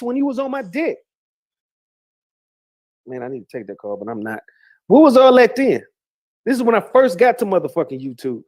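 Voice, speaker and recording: A man's voice: high voice, darkish tone. A middle-aged man ranting heatedly as a YouTuber, repeating insults and swearing constantly. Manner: heated, profane, repetitive insults. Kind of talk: angry rant.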